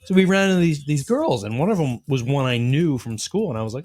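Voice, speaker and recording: Guy on a podcast, chatty, acts out quotes, pitch jumps around a lot. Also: fast. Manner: animated storyteller, acts out quotes. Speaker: podcast co-host. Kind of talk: casual chat.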